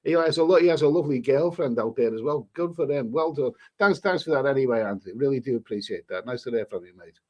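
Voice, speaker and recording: A man's voice: mid-range voice, lively intonation, fast, few pauses, muffled recording. A middle-aged man with a British accent chatting casually on a livestream, rambling with restarts and mild swearing. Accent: British English. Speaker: travel vlogger hosting a livestream. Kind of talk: casual livestream chat reading viewer messages.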